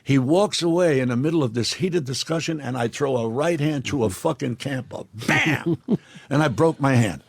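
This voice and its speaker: A man, a guest in an interview, telling profane anecdotes in a blunt, animated way and acting out the dialogue. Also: mid-range voice, normal speed, vocal fry, breathy edge, no room sound, clean studio sound.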